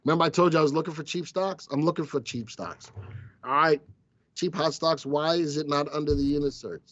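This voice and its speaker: A man's voice: fairly high pitch, normal speed, no echo. Man, stock show host, casual live commentary, playful teasing banter, dry dull lo-fi sound.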